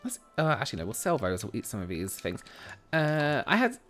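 A man's voice: medium pitch, huge pitch swings, a little fast, fairly bright tone, soft background music. Chatty male game streamer, casual and rambling, restarts sentences a lot. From West Country, England. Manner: chatty and rambling, often breaking off mid-sentence. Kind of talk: casual chat while gaming.

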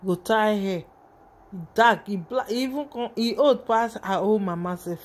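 A woman with a Nigerian accent walks her viewers through a video in loose, rambling vlog commentary, repeatedly turning back to her audience. Her middle-pitched voice, at normal speed, sounds heavy with emotion.

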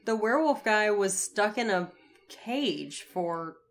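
A woman's voice: mid-range voice, lively intonation. Chatty woman podcast co-host. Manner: chatty, quick to laugh. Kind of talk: casual chat recapping a TV episode.

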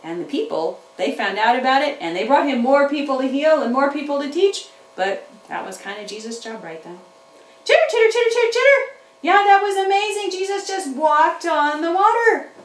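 A woman teaching children's church, telling a Bible story to young kids in an animated way and chatting with her puppets. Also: high-pitched, normal speed. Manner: animated, talks back to puppets. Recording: roomy room, mic at a distance.

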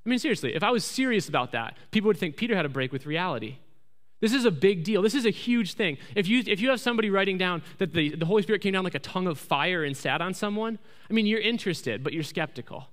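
A man preaching a sermon as pastor, telling the story in a lively, jokey way on a microphone in a church. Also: sits high, fast. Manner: animated storytelling, jokey asides. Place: church sanctuary. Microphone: handheld microphone. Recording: reverberant church hall.

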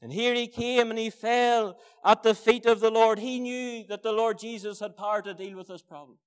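Man, Northern Irish accent, fervent sermon, very high pitch, smooth resonant voice. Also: steady tone, moderate pace. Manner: fervent preaching, rising to loud emphatic cries. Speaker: preacher. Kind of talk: evangelistic sermon. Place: church meeting hall.

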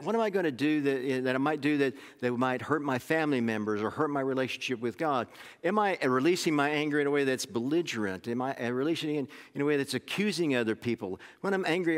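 A middle-aged man from Oklahoma, preaching a sermon in a folksy storytelling way with many restarts. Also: mid-range voice. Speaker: pastor. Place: church sanctuary. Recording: long sanctuary reverb.

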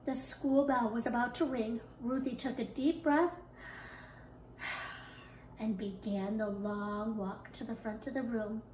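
A woman kindergarten teacher reading a picture book aloud with expressive, animated storytelling. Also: on the high side, a little slow, slight background noise. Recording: echoey room.

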